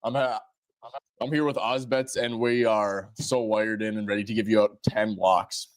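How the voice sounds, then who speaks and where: A man's voice: lowish voice, fairly even intonation, normal speed, dry recording. A young man hosting a sports betting show, joking around loosely with lots of fillers. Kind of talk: casual betting chat.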